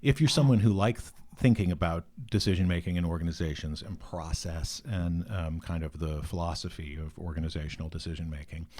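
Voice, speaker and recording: A man's voice: deep voice, fairly quick, few pauses, darkish tone. A man speaking as a podcast guest, thoughtful and hesitant, with many fillers and restarts. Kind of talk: conversational interview.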